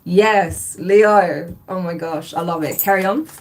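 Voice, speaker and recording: Woman, tarot reader, live stream, excited and gushing, talks to the viewer. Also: on the low side, moderate pace, soft background music.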